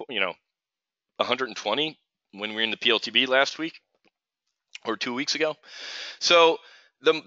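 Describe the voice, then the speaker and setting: A middle-aged man with a medium-pitched, sharp voice rants heatedly on his live trading stream. He keeps fumbling and restarting his sentences, and the lo-fi stream audio sounds dull and dry.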